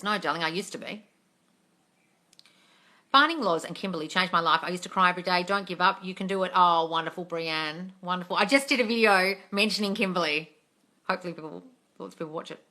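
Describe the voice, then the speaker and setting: Blunt swearing woman with a bright voice. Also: fairly low pitch. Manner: blunt, swears freely, calls viewers darling. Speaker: manifestation coach answering live chat questions. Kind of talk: casual live-stream Q&A. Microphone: phone or webcam, live stream.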